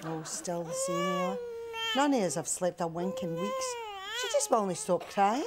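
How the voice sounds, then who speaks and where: A woman's voice: mid-range voice, wildly swooping pitch, measured pace. A harried Glaswegian mother. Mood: gossipy. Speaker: mother on the phone. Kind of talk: sitcom acting. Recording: loud noise on the soundtrack.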